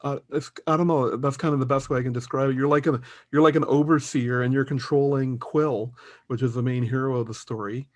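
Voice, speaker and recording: A man's voice: medium pitch, steady tone, a little fast, darkish tone, no echo. A man co-hosting a casual gaming podcast, rambling with many fillers and chuckles. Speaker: podcast co-host. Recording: dull, dry podcast audio.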